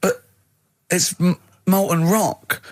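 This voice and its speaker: A man's voice: high voice, fairly even intonation, slow pace. A male radio host in casual banter who argues and teases with exasperation.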